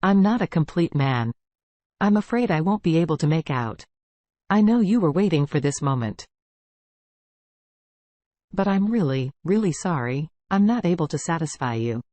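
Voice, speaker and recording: A woman reading the lines of an anxious, pleading young husband in a narrated story, in a low voice. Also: expressive, normal speed, pauses often, warm tone, no room sound. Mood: apologetic. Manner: apologetic, earnest.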